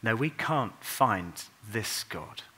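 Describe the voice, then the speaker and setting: Bright-voiced man giving a sermon. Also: on the low side, animated, slightly rough. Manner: earnest, unhurried storytelling with soft, quiet passages. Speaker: preacher. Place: church.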